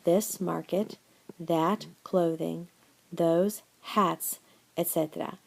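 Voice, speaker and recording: A woman teaching a Spanish class in a recorded slideshow lecture, encouraging, dropping in Spanish words and reading answer lists slowly. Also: lowish voice, steady tone, gravelly. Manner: encouraging, switches between English and Spanish phrases.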